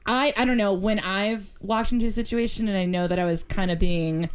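A woman hosts a casual chat show and tells stories in an animated, lively way. She often says "like" and "I mean". Her voice is of ordinary pitch. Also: fairly quick, clean tone. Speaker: host.

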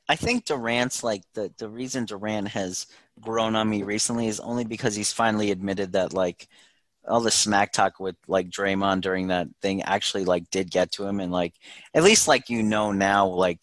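A man's voice: on the low side, moderate pace, a bit bright, no room sound. A man co-hosting a casual sports podcast, laid-back and full of "like" fillers. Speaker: podcast co-host.

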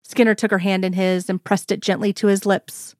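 Calm woman narrating an audiobook. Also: mid-range voice, a little fast, dry recording, studio quality. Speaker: storyteller.

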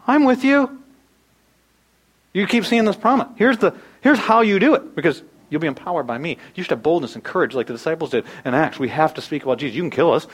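A man in his thirties preaching a sermon, animated, swinging from loud bursts to hushed asides. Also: on the high side, quick pace, few pauses, husky, low-quality recording. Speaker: pastor.

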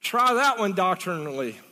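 A man's voice: sits high, very animated, slow, sharp tone, in a large hall. A man preaching a sermon in a rambling, conversational way, full of rhetorical questions.

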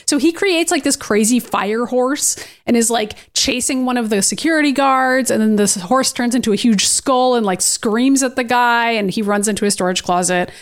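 A woman's voice: a little high, moderate pace, hardly any pauses. A young woman co-hosting a podcast, recapping a cartoon episode in casual, wry chat and swearing now and then. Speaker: podcast co-host.

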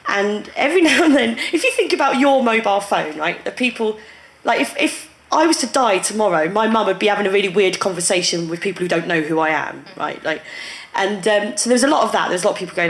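A woman's voice: medium pitch, animated, quick pace, reverberant. A woman comedian on a live panel show, telling a rambling anecdote with dry asides. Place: live theatre stage.

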